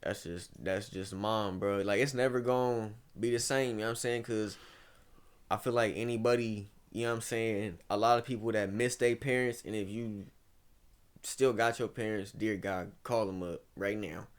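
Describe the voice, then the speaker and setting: This guest, a young Ohio man in his twenties, has a smooth voice on the low side with a steady tone and normal pace. In a casual interview he wanders through his stories, dropping "bro" all the time.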